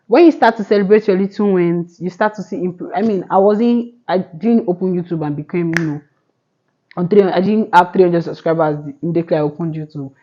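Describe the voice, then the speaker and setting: A woman's voice: lowish voice, brisk, warm tone, highs cut off. A young woman in her twenties giving earnest motivational advice to camera, rambling with restarts. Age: 20s. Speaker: vlogger. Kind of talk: casual motivational talk to camera.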